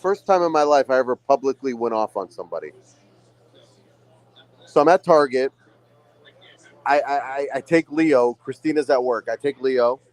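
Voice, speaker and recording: Profane, animated man telling a story. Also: medium pitch, normal speed, pauses often, low-quality recording. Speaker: podcast co-host. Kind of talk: casual storytelling chat. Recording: remote call from a phone.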